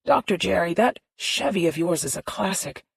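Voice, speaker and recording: A woman's voice: lowish voice, animated, normal speed, vocal fry, husky, dry recording, exaggerated voice. A woman voicing a friendly, polite younger man who talks easily in an audiobook.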